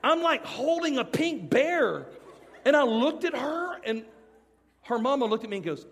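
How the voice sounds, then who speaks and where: A middle-aged man preaching a sermon to students before a live audience. He tells a personal story with animated comic swings, then turns hushed and earnest. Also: very high voice, moderate pace, a little hiss or hum. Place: large hall with a live audience. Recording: long hall reverb from a live venue.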